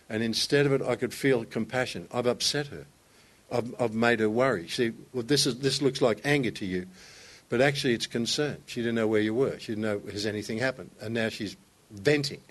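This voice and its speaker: A man's voice: medium pitch, fairly quick. Emphatic storytelling male preacher. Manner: storytelling, emphatic, rising to raised intensity. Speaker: pastor. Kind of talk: sermon.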